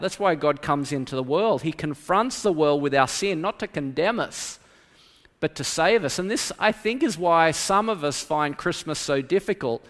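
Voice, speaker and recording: A pastor preaching a sermon in a church, swinging between loud emphasis and hushed quiet. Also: male voice, on the high side. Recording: long reverb of a church hall.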